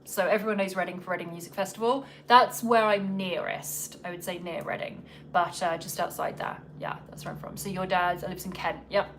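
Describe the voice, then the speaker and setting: Chatting from her Los Angeles home on a podcast livestream, a host from England rambles in a slightly Americanized English accent. Her lowish, fairly even voice moves quickly with hardly any pauses and sounds a bit bright, with a little hiss or hum. She comes across as chatty and self-deprecating.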